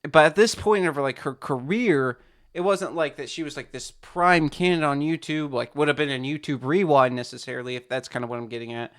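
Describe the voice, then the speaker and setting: A man with a voice a little higher than most men talks through a video he is reacting to. He rambles in a loose, casual way, restarting his sentences and filling gaps with "like." It sounds like off-the-cuff commentary rather than a script. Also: brisk, fairly bright tone.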